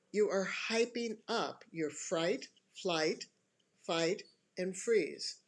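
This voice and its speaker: A health educator giving an instructional talk to an online audience, calm and deliberate, explaining point by point with emphatic pauses between phrases. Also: mid-range voice.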